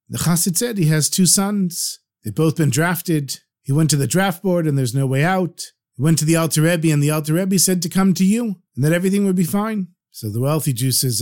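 A man's voice: a little high, animated, brisk, few pauses, a little mellow. A man telling a folk story, animatedly acting out every character. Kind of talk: told folk story podcast.

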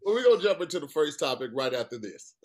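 Fast-talking teasing man. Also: fairly high pitch, sing-song, darkish tone. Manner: teasing, roasting the others. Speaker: podcast co-host. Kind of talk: casual chat.

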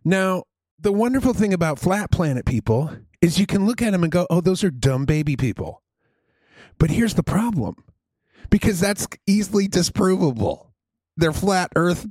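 A man co-hosting a casual comedy podcast, ranting in an animated, profane way. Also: high-pitched, normal speed, no room sound. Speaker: podcast co-host.

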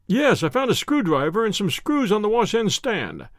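A man's voice: high-pitched, very animated, moderate pace, dry recording, studio quality, voice pushed up. A man playing a hearty, emphatic police inspector. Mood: reporting.

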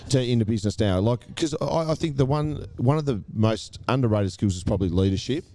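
Male host, quick and conversational, warm and mellow. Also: medium pitch, animated. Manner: quick, chatty questioning. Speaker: podcast host. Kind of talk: casual interview.

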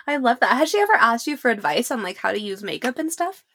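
Fun casual interviewer lady, big reactions, lively up and down voice. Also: fairly high pitch, fairly quick. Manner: bubbly, exclamatory reactions.

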